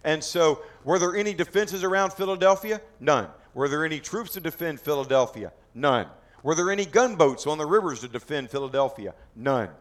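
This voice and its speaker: Outdoors at a historic site, a battlefield tour guide leads a group through a history talk. He speaks fast with hardly any pauses, in a voice that's a little high. He's dramatic and emphatic, firing rhetorical questions at his listeners.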